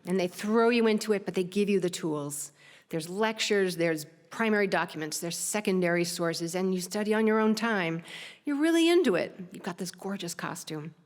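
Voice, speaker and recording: A middle-aged woman tells a personal story from a theater stage, her voice sitting at an ordinary pitch for a woman. She is lively and pokes fun at herself. Her voice carries a long hall reverb. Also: moderate pace. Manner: lively, self-mocking, laughing at her own tale.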